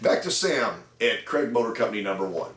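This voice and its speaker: A man's voice: lowish voice, lively intonation, a little fast, a bit bright, far from the mic. Folksy male sales trainer telling stories. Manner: folksy anecdotal storytelling. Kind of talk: storytelling talk to camera. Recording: echoey room.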